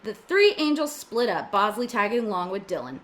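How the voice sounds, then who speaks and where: Lively woman reading stage directions. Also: medium pitch, fairly quick. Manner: reads directions with joking asides. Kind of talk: amateur script reading.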